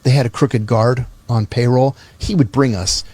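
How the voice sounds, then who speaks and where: A man's voice: medium pitch, steady tone, moderate pace, darkish tone, breathy edge. A man telling a personal story on a podcast in a conversational, self-deprecating way, acting out the dialogue.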